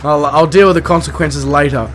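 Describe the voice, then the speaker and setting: Chatting with live viewers over background music, an Australian man streams a flight game, rambling and making fun of himself. His voice is a little high and steady in tone, and his pace is fairly quick.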